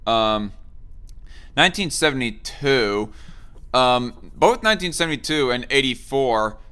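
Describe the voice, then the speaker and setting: A man's voice: medium pitch, lively intonation, a little slow, sharp tone, clear, resonant tone. A man hosting a casual political chat, thinking aloud with many fillers and restarts. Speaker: host.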